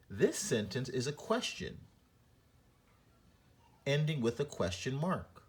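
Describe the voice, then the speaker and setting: Teacher modeling read-aloud expression. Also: male voice, mid-range voice, very animated, slow, long pauses. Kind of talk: teaching a reading lesson.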